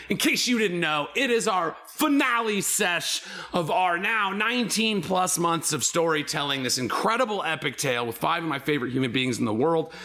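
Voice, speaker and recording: A man's voice: on the high side, pushed and bright. A man hosting and running a tabletop game, giving a sentimental, profane introduction. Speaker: game master and show host. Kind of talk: emotional show introduction.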